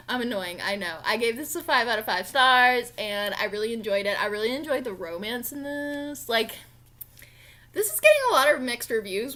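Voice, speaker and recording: A young woman with a high, sharp voice chats casually about books she has read. She's a book vlogger doing a relaxed review, gushing and playful and full of fillers.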